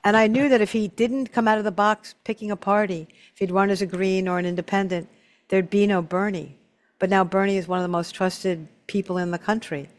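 An older man hosting an interview, telling an animated story in casual chat and often repeating his first words. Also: high voice, a little fast. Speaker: host.

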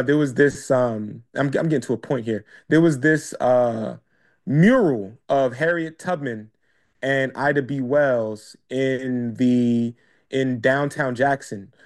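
A man's voice: medium pitch, darkish tone. A man talking in a casual monologue. He hesitates with many fillers and then builds to emphatic, repeated questions. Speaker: speaker.

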